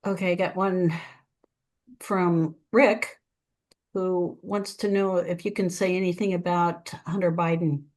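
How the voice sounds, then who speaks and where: A woman moderates a book talk and reads out questions from the audience. She speaks slowly, with short responses between questions. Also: lowish voice, little pitch movement, a little mellow. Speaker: event moderator.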